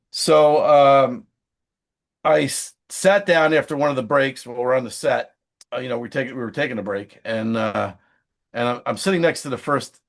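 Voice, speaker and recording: A man who sings and acts, telling chatty, animated anecdotes in a casual interview. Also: medium pitch, creaky. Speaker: singer, songwriter and screen actor.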